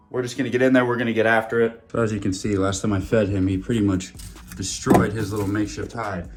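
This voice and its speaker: A man, chatting casually and jokingly as he tends his snakes. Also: lowish voice. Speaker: reptile keeper and vlogger. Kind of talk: casual vlog.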